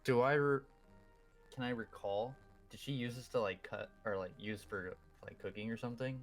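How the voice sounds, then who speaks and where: A man playing a tabletop game, talking in a halting way with stumbling restarts. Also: mid-range voice, soft background music. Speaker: player.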